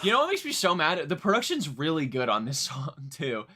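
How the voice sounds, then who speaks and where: A man's voice: fairly high pitch, fairly quick. A man reacting live to new music, casual and profane, with exasperated running commentary. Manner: animated, swears freely, exasperated asides.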